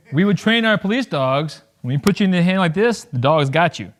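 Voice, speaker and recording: A man in his thirties giving a lively, joking talk to a college audience, acting out little voices as he goes. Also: a little high. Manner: animated, jokey, acts out quick voices. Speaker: guest speaker.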